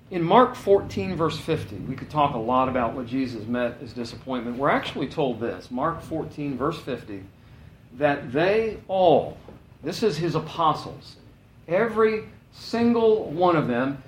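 A man preaching a sermon in a conversational, animated way, with casual asides. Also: mid-range voice, reverberant, slight background noise, poor audio.

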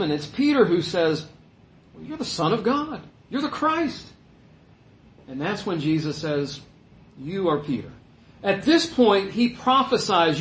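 A man's voice: a little high, echoey room. A man teaching through a Bible passage in a conversational way, with asides and fillers as he explains. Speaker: pastor.

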